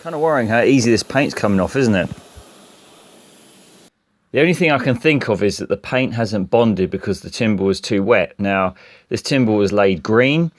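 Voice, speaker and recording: A man's voice: lowish voice, lively intonation, normal speed. A man explaining a decorating job in a practical, plain-spoken DIY tutorial.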